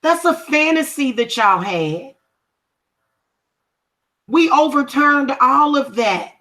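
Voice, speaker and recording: A woman's voice: high voice, expressive, slow pace, long pauses, pushed and bright. A woman who reads and does spellwork, talking casually to viewers in a confrontational, emphatic way and repeating her points for stress. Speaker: spiritual practitioner and reader. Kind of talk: casual livestream talk to viewers.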